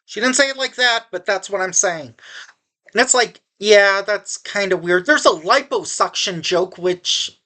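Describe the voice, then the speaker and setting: A woman's voice: mid-range voice, lively intonation, unhurried, bright, forceful tone. A woman giving a casual spoken movie review, sarcastic and exasperated, rambling with frequent restarts.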